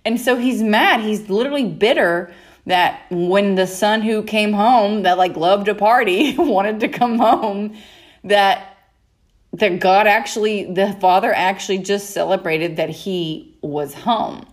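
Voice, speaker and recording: A woman's voice: medium pitch, a little slow. A woman teaching on a Bible story in a chatty, casual way, laughing often and acting out the characters' lines. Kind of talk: casual sermon.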